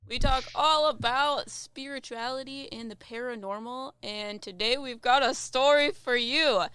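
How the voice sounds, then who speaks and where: Bright, crisp woman co-host. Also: high voice, unhurried, dry recording. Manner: teasing, upbeat interviewer. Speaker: podcast co-host and content creator. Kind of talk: casual podcast chat. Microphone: studio microphone.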